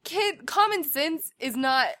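A woman chatting in a casual family conversation. Her voice sits high and swoops widely as she tells stories and acts out her children's words. The sound is close and dry. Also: takes it slowly, no echo. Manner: animated storytelling, acts out kids' lines. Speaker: co-host, parent.

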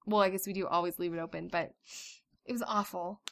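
A woman in her thirties, co-hosting a casual chat and telling family stories in an animated way, acting out voices. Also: fairly low pitch, brisk. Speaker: podcast co-host.

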